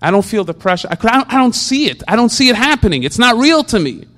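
A man with a high voice gives a casual religious talk. He trips over the same word several times, then pushes on with lively rhetorical questions. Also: fast talker. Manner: repetitive stammering restarts, animated rhetorical questions. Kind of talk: informal Torah talk.

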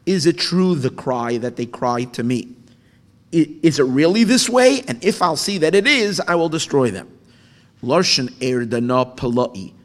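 A man's voice: fairly high pitch, big pitch swings, a little slow. Man teaching Torah in an echoing hall. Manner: translates Hebrew phrases aloud, repeats words while searching. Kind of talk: lecture explaining a text. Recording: long hall reverb.

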